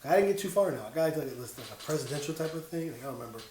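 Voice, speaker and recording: Man, podcast co-host, casual chat, high voice, rambling, laughing, echoey room. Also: racing, slight background noise. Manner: laughing, excitable, rambling storyteller.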